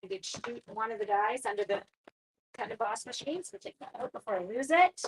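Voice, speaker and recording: A woman's voice: fairly high pitch, expressive, a little fast, a little hiss or hum. A middle-aged woman hosting a casual crafting livestream from home, chatting to viewers by name and poking fun at her own mistakes. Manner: chatty, self-deprecating, greets viewers by name. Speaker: craft demonstrator, livestream host.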